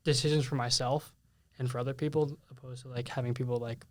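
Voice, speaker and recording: A man's voice: mid-range voice, steady tone, fast. Hesitant man, casual podcast chat. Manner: hesitant, restarts and laughs. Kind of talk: casual conversation.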